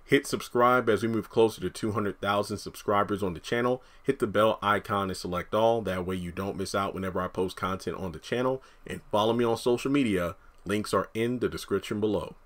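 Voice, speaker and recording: A man's voice: fairly low pitch, a little fast, few pauses. A man recapping a TV episode for his YouTube channel in casual commentary, his throat a bit sore. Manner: chatty, animated commentary.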